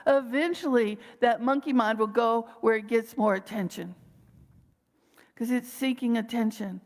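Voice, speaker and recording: A woman minister giving a gentle sermon, slowing down to guide her listeners through pauses and breaths. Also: a little high, fairly even intonation, in a large hall. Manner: gentle, slow guiding pauses with breathing cues.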